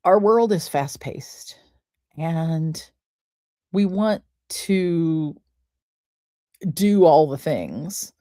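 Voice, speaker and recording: Slow, low-voiced woman guiding breathing. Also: animated, mellow, no room sound, studio quality. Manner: slow, soothing, counts breaths aloud. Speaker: podcast host. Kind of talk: guided breathing and wellness talk.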